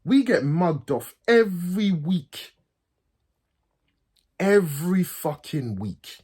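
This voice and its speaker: A man rants furiously, swearing and repeating lines over and over. His slightly husky voice sits a bit high and leaps wildly in pitch, from sharp outbursts down to low, bitter mutters. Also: very animated, slow pace. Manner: pitch swings from loud highs to low mutters. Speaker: football fan channel host. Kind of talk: angry fan rant.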